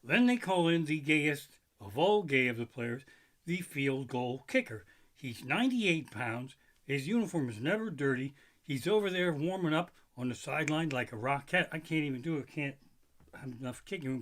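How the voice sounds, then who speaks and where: A man's voice: on the high side, a bit bright. A man doing a stand-up comedy routine, ranting with lots of swearing and mocking the people he quotes.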